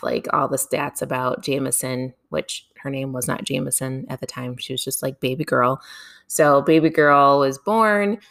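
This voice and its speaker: A woman casually telling a personal story to her viewers, animated, laughing often and swearing now and then. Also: low voice, creaky.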